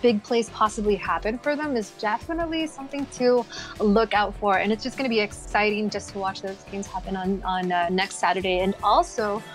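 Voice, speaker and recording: A woman's voice: mid-range voice, a little fast, soft background music. A woman casting an esports tournament, chatty and upbeat, laughing often. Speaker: esports caster.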